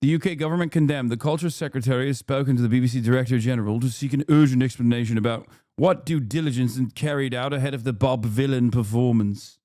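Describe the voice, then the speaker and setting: Blunt profane streamer, smooth dry voice. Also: male voice, medium pitch, mellow, dry recording. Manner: blunt and profane, fast when reading. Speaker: streamer and political commentator. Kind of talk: live-stream commentary.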